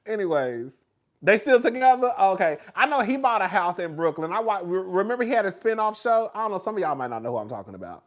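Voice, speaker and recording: This host has a high, sing-song voice and talks fast. Hosting a laid-back chat with his viewers, he gossips freely, laughs often, and addresses everyone as "girl."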